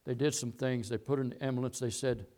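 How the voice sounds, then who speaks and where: A man's voice: mid-range voice, fairly even intonation, fast talker, mellow. A middle-aged man preaching a sermon, telling a long story and repeating key phrases as he goes. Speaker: pastor.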